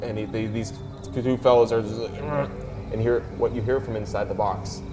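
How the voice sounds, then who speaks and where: A man's voice: fairly low pitch, steady tone, normal speed. A man narrating as game master of a tabletop game, describing scenes with fillers. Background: background music.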